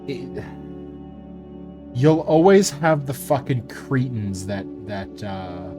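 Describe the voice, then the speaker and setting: A man's voice: mid-range voice, takes it slowly. Streamer, male, mid-range voice, casual and swearing freely, faint music playing underneath. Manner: profane, animated storytelling. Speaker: streamer building and painting miniatures. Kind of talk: casual live-stream chat.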